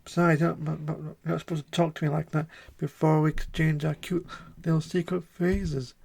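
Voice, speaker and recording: A man reading as a gruff threatening shady spy. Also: fairly high pitch, little pitch movement, moderate pace, a little mellow. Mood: indignant. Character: shady dark-looking male spy, threatening. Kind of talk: reading game dialogue aloud on stream.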